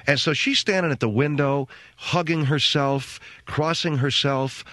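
A middle-aged man hosting a radio talk show, telling a comic story in an animated, jokey way and acting out voices and sounds. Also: medium pitch, no room sound.

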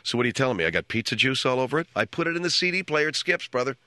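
A man hosting a radio call-in show, quick, theatrical and amused, on a studio microphone. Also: mid-range voice, sing-song, sharp tone, dry recording. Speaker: radio talk show host.

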